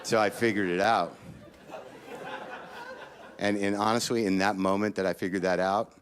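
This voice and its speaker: A man's voice: on the low side, level tone, moderate pace, some chatter behind. A middle-aged man doing stand-up, telling a story in a neurotic, profane rant and jumping up into panicked quoted lines. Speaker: stand-up comedian.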